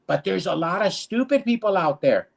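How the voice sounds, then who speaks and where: A man's voice: sits high, sing-song, moderate pace, vocal fry. Blunt, indignant man ranting. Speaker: co-host. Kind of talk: heated casual discussion.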